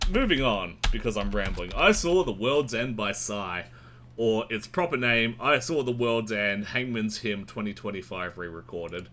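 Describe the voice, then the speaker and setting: A man reviewing new albums in a casual, rambling and sweary way, with sudden jumps in pitch. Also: a bit bright. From Australia. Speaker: music reviewer. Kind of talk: casual monthly album roundup.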